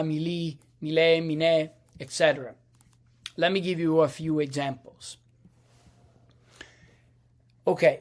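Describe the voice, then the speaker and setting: Slow, halting male language teacher. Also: fairly high pitch, a little mellow. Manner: slow, halting, many "uh" fillers and restarts. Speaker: Italian teacher. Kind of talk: slide-based language lesson.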